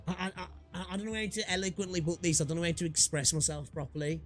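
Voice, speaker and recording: A man's voice: high voice, fast talker, soft background music. A man streaming a game, chatting casually in a rambling, hesitant way full of fillers and restarts. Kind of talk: casual livestream commentary.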